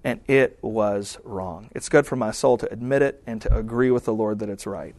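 A man's voice: mid-range voice, fairly even intonation, quick pace, darkish tone, no room sound. A married man preaching a sermon in a conversational style, often acting out quoted prayers and remarks. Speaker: pastor.

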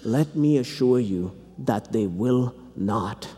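A man's voice: medium pitch, expressive, takes it slowly, warm tone, slightly rough. A man from India preaching a sermon in a seminary chapel, with earnest, rising, fervent appeals. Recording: long hall reverb.

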